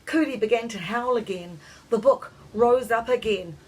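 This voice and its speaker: A woman narrating a children's storybook in a measured, expressive reading voice. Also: on the high side, slightly rough, poor audio.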